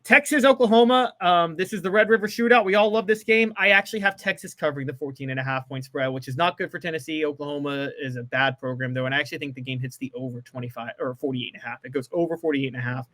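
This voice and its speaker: A man's voice: on the high side, fast talker, hardly any pauses, a bit bright. A man co-hosting a casual sports podcast and rattling off his betting picks in an upbeat, trained broadcaster's delivery. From American South. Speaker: co-host giving betting picks.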